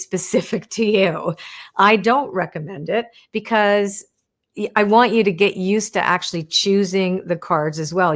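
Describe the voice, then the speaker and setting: A woman hosting a live stream, chatting as she answers viewer questions about oracle cards, explaining gently with lots of "right?" and "you wanna.". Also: mid-range voice.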